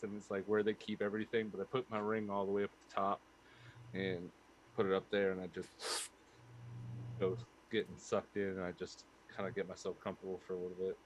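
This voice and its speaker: A man's voice: low voice, flat delivery, fairly quick, slight background noise, low-quality recording. A man playing a tabletop game, speaking thoughtfully and hesitantly with many fillers. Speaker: player. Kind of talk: tabletop role-play.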